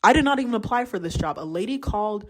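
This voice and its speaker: A young adult woman, a teacher who hosts a podcast, leads a casual mental health check-in. Her medium-pitched voice is expressive and fast as she tells stories candidly, swears freely and acts out quoted voices.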